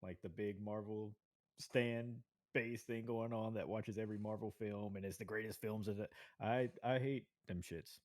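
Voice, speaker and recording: A man's voice: lowish voice, steady tone, moderate pace, dry recording. A man in his thirties in casual chat as a podcast co-host, laid-back and laughing often as he rambles. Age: 30s.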